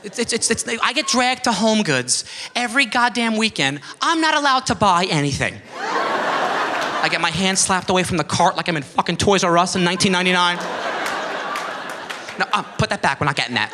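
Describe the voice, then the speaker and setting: A man's voice: high-pitched, animated, fairly quick, big-room sound. A young man doing a stand-up routine, ranting and exasperated, mimicking voices in bits. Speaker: stand-up comedian. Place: comedy club stage. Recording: live club audience laughing, noisy room.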